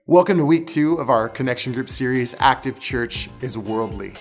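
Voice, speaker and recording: A man's voice: mid-range voice, animated, moderate pace, gravelly, faint music behind. A man hosting a church group series, giving a friendly, scripted welcome and introducing the speaker. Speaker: host.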